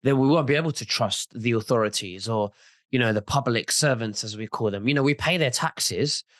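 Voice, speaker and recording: A man's voice: mid-range voice, a little fast, fairly bright tone, no echo, clean studio sound. Insistent man who trips over repeated words. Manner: insistent, stumbles and repeats words when starting a point. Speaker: interviewer or guest in a video interview. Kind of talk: casual conversational interview.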